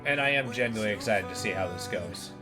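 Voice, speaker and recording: A man's voice: fairly low pitch, expressive, quick pace, music in the background. A man streaming a video game, chatting casually and enthusiastically about it. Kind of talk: casual gameplay commentary.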